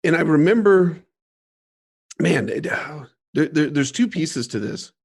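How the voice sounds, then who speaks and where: A man's voice: a little high, lively intonation, unhurried, vocal fry, husky. A man telling a painful childhood story as a podcast guest, earnest and emphatic, laughing through hard memories. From Ohio, USA. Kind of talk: candid storytelling interview.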